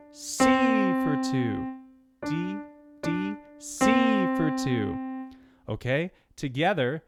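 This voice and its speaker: Male piano teacher, slow and patient, counts notes aloud over a soft piano. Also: medium pitch, vocal fry, no room sound, studio quality. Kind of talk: step-by-step piano lesson. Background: piano playing.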